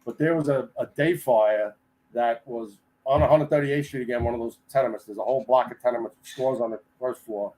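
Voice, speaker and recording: An older man, a retired firefighter, telling stories as a guest in a casual podcast interview, animated and chatty and acting out the people in them. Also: medium pitch, fairly quick, poor audio. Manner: animated storyteller who acts out the people he quotes; chatty, with frequent restarts.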